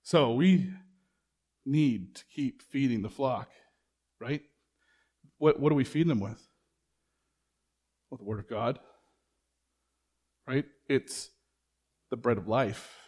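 A man's voice: medium pitch, takes it slowly, pauses often, darkish tone, breathy edge. A man preaching a sermon in a conversational way, asking the congregation rhetorical questions and acting out bits of dialogue. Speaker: pastor.

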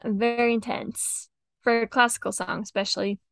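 Giggly young woman, gravelly close voice. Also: a little high, steady tone, normal speed, no room sound. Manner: chatty, giggly, lots of "like". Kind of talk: casual chat reviewing songs.

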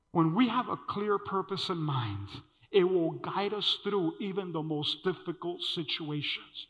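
A man preaching a sermon, telling a personal story in an animated way and acting out the dialogue. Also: high voice, normal speed. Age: adult. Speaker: pastor. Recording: dull sound with long hall reverb.

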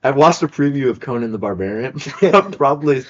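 Young guy podcast host, jokey, laughs a lot, bouncy pitch, kinda husky. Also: moderate pace. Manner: jokey, laughs often, animated. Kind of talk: casual podcast banter. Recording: dull lo-fi sound.

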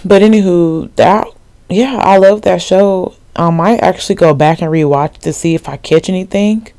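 A woman's voice: fairly low pitch, normal speed, mellow, no echo. Young woman, 20s, solo podcast host. Casual, rambling, slangy delivery with a dry, close sound. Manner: rambling, slangy, full of asides and fillers.

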